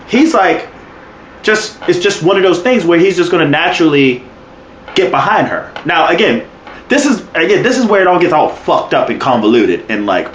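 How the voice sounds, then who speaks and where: A man's voice: mid-range voice, fairly bright tone, roomy sound, slight background noise, poor audio. A man co-hosting a wrestling podcast in casual chat, talking profanely and acting out quotes with laughs. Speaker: podcast co-host.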